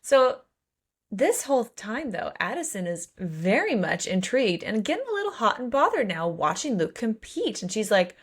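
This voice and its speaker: A woman's voice: a little high, normal speed, breathy edge. A woman co-hosting a book podcast in casual chat, acting out the characters' lines as she recaps. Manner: animated, acts out characters' lines. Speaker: podcast co-host.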